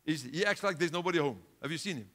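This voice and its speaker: A male pastor preaching a sermon with a South African accent, swinging between loud urgent exhortation and quiet, low asides. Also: animated, fast talker. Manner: impassioned preaching, rising loud then dropping low.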